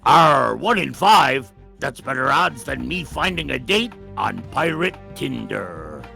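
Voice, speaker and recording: A man's voice: mid-range voice, sing-song, takes it slowly, gravelly, bright, forceful tone, soft background music, heavily acted. A man voicing a cheeky male pirate sidekick who growls in pirate-speak. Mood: joking. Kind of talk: comic pirate persona on a finance show.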